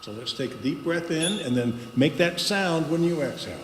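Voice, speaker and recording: A man speaking to a congregation as a guest speaker, guiding a voice exercise with slow, paused instructions. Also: on the high side, lively intonation. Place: spiritual center meeting hall. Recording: echoey hall with long reverb and background noise.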